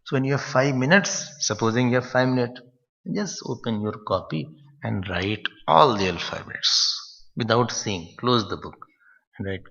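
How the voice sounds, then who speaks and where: A man's voice: mid-range voice, moderate pace, gravelly, fairly bright tone. A man, a spiritual teacher giving a playful scripture lecture and quizzing his listeners. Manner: playful, asks the listeners questions. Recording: dull lo-fi recording in a reverberant hall.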